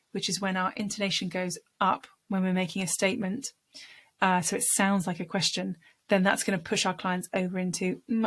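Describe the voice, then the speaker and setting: A woman, a speaking coach, talking conversationally to camera and demonstrating voice techniques. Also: medium pitch. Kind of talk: direct-to-camera teaching.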